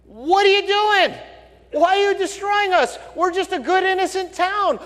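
Guy putting on a squeaky upset lady yelling off a wall, long hall echo. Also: a little slow. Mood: indignant. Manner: shrill, pleading, high-pitched. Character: indignant townswoman shouting from a wall. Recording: long reverb in a large hall.

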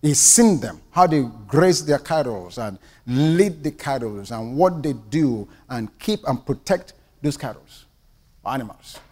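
A man with a Nigerian accent preaching a sermon with passion, dropping to hushed asides and rising to ringing declarations. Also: medium pitch, lively intonation, a little slow. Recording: long hall reverb.

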